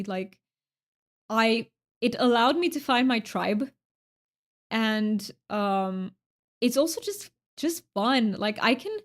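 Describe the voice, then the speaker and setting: A woman streamer in casual live chat with her viewers, chatty and rambling, often correcting herself mid-sentence. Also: fairly high pitch.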